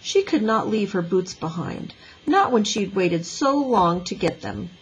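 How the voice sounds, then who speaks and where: A woman teacher reading a children's book aloud with an expressive, lively voice. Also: mid-range voice, measured pace, slightly rough, rough recording. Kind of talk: storybook read-aloud.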